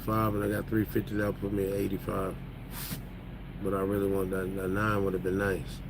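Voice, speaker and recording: A man's voice: deep voice, monotone, brisk, background noise. A man who drives trucks, telling stories in loose casual chat, joking and laughing as he talks. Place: truck cab.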